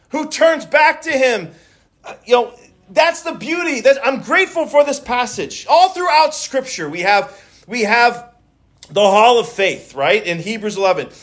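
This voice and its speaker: A male pastor preaching a sermon in a conversational way, often restarting and repeating words as he goes. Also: very high-pitched.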